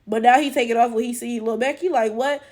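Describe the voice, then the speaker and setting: A woman's voice: on the high side, steady tone, quick pace, a little mellow. A woman giving blunt, profane, incredulous reaction commentary full of rhetorical questions. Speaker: reaction channel host.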